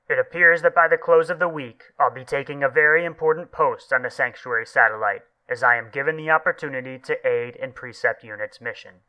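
A man's voice: medium pitch, sharp tone, rough recording. An actor playing a self-important male TV news anchor with a formal broadcast delivery.

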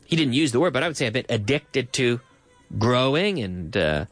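A man hosting a casual English lesson, explaining slowly, repeating phrases and adding Spanish translations. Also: mid-range voice, very animated, no room sound, soft background music. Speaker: English teacher host.

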